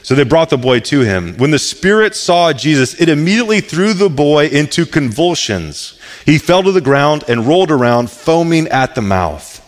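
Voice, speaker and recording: A man's voice: a little high, sing-song, moderate pace. A man in his thirties preaching a casual, conversational sermon, often repeating words as he restarts his sentences. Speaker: pastor. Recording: echoey hall.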